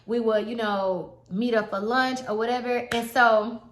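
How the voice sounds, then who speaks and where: A woman's voice: fairly high pitch, fairly even intonation, measured pace, a little hiss or hum. A young woman in her twenties chatting casually as she tells a personal story, acting out what others said. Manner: chatty, quotes others in acted voices. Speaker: vlogger. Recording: echoey room.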